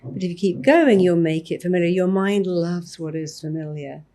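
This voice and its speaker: A woman with a somewhat low voice is a guest in an interview. She speaks emphatically and acts out short example lines as she explains. She sounds animated and sure of what she says. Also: moderate pace, slight background noise. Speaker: therapist guest. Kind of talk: interview conversation.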